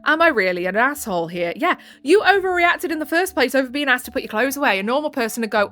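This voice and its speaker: A woman's voice: high-pitched, expressive, fast talker, hardly any pauses, sharp tone. A woman reading online posts aloud, breaking off for chatty, exasperated asides. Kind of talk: casual storytelling with commentary.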